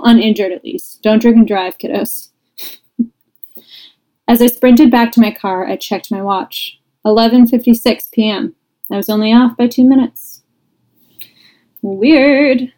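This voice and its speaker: A woman's voice: medium pitch, a little mellow, low-quality recording. A woman podcast host reading listener ghost stories aloud, breaking off for laughing asides.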